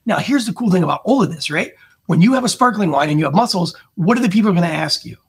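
A man on a podcast talking about pairing wine with food, casual and animated, with frequent swearing. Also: quick pace, creaky, husky. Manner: animated, swearing, acts out guests in a high voice. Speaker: wine guest.

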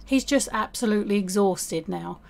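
A woman's voice: medium pitch, normal speed, creaky, a little mellow. A young woman chatting casually through a life-sim game as the host, talking to her character as she plays. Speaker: gaming video host. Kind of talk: casual let's-play commentary.

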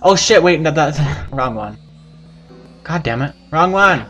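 A man giving profane, excitable let's play commentary, yelping and laughing at the game. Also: on the high side, unhurried, soft background music. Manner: profane, excitable, yelps and laughs while playing. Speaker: gaming channel host.

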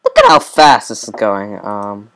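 A man's voice: on the low side, wildly swooping pitch, a little slow, a bit bright. A man giving casual, rambling commentary over his own gameplay, with mumbled asides and lots of fillers. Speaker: let's play host.

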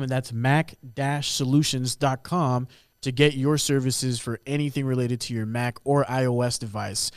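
A man hosting a live podcast, talking in a profane, rambling way and reading out sponsor shout-outs. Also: mid-range voice, no room sound, studio quality. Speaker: podcast host. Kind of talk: casual podcast chat and sponsor reads. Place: live venue.

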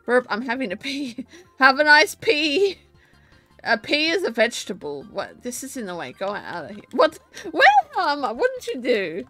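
A drunk woman streaming from home, talking loudly, rambling and giggling at a desk mic. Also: on the high side, very animated, moderate pace, faint music behind. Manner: loud, rambling, laughing. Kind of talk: casual live-stream chat. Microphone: desk microphone.

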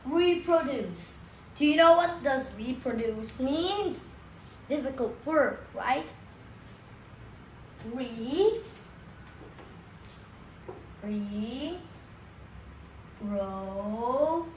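A woman speaks very slowly as she teaches young children, saying each new word again and again and checking in with questions. Her voice sits a little high. The room is echoey, with a faint hum of ambience behind her. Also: expressive. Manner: repeats key words slowly, asks the listener questions. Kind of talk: slow classroom explanation for young children.

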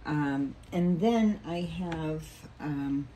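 A woman's voice: low-pitched, very slow, warm tone, a little hiss or hum, poor audio. A woman hosting a casual home sewing tutorial, chatty and rambling with many ums and self-corrections, recorded on a camera mic in her sewing room.

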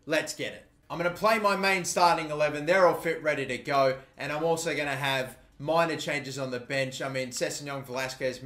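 An Australian man commentating his own football video game career, calm musing that bursts into loud shouting at big moments. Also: a little high. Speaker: gaming YouTuber. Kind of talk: excited gameplay commentary. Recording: echoey room with faint noise.

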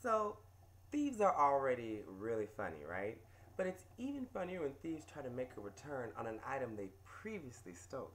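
A male host tells a funny customer-service story in a lively, expressive voice. His pitch swings widely as he tells it. He sounds animated and amused throughout. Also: moderate pace, a little hiss or hum. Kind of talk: comedic storytelling vlog. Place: indoors on a couch.

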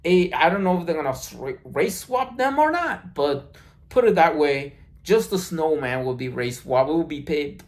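A man's voice: fairly high pitch, lively intonation, moderate pace. A man in an unscripted solo video commentary, rambling with many restarts and fillers, recorded on a phone mic. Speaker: video blogger.

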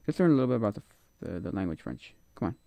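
A man's voice: lowish voice, sing-song, very fast, vocal fry, dark tone, no echo. A man casually commenting on a live stream, rambling and opinionated, often trailing off into mutters.

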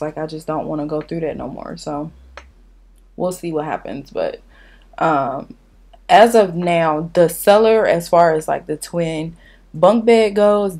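A young woman, ranting in a blunt, profane storytime while she does her makeup at home. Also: low voice. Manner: animated, blunt, profane storytelling with reenacted dialogue. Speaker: beauty vlogger. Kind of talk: casual storytime chat during a makeup tutorial.

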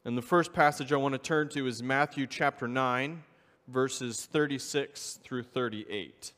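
A man preaching a sermon as a visiting missionary, earnest and steady, reading scripture aloud in old-fashioned wording. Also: mid-range voice, measured pace, long reverb tail. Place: church sanctuary.

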